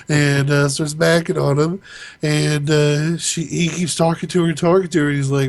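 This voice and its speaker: A man's voice: fairly high pitch, fairly even intonation, normal speed, no echo. A man talking casually as a show host, loosely retelling a TV episode in his own words, rambling and laughing along the way. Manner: rambling recap with laughs, quoting characters loosely. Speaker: podcast co-host recapping TV. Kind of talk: casual chat.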